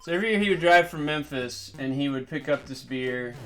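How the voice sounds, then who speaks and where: A man's voice: fairly high pitch, lively intonation, a little fast, soft background music. A man streaming a game and rambling through a long story in casual commentary, trailing off and restarting often. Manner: rambling, digressive, with fillers and trailing off.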